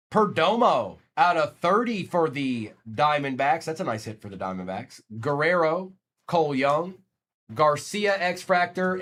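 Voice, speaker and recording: A man's voice: on the high side, a bit bright. A man from Virginia hosting a live card break stream, rattling off player names and chatting with viewers between pulls.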